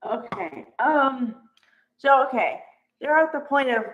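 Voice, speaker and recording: A woman's voice: high voice, unhurried. A woman casually recapping a soap opera episode, chatty and exasperated, acting out the characters' lines. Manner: chatty, exasperated, acts out quotes. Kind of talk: casual spoken recap and commentary. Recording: dull lo-fi audio.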